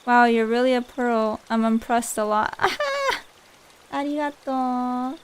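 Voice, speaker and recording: Giggly young woman streamer, slightly high voice, chatting to chat from her room at night. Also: wildly swooping pitch, slow, clean tone. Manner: giggly, laughs often between lines. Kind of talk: casual game livestream chat.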